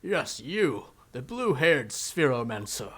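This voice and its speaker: A man's voice: medium pitch, big pitch swings, slow pace, fairly bright tone, a little hiss or hum. A man voicing a pompous young male gamer who lectures and plays at being a moderator, reading game dialogue aloud. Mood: accusing. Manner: self-righteous, lecturing.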